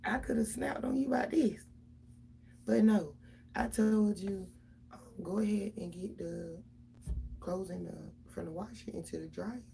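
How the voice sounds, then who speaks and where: A woman's voice: medium pitch, a little slow, gravelly, warm tone, a little hiss or hum. A middle-aged mother, venting casually and profanely straight to her viewers about her kids.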